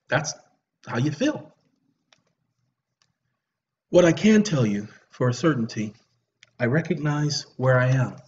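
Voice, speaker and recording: A man delivers a preachy monologue straight to his audience, circling back over the same points. His voice sits a bit high for a man, and he keeps offering sarcastic apologies. The recording sounds dull and lo-fi. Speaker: online commentator. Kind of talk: lecturing monologue to viewers.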